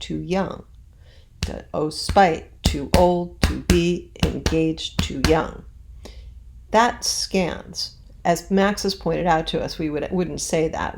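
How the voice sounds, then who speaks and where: A woman's voice: on the low side, creaky. A woman teacher giving a casual recorded lesson, chatty with many fillers, reading verse lines aloud with exaggerated stresses. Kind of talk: recorded classroom lesson on poetic meter.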